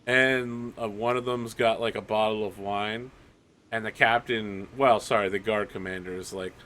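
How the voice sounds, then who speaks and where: A man's voice: on the low side, fairly even intonation, normal speed, a bit bright. A man running a tabletop game as game master, narrating casually with lots of fillers.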